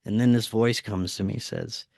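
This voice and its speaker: A man, a podcast guest, telling a personal story casually, dropping to a quieter voice when he quotes what was said. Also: fairly low pitch, normal speed, creaky, dry recording, studio quality. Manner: acts out quoted dialogue in a quieter voice; frequent fillers and restarts, animated retelling.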